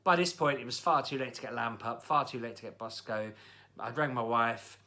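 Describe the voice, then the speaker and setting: A man's voice: mid-range voice, fairly quick, bright, forceful tone. A man telling a casual, exasperated story, grumbling as he goes. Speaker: vlogger. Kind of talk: casual spoken rant.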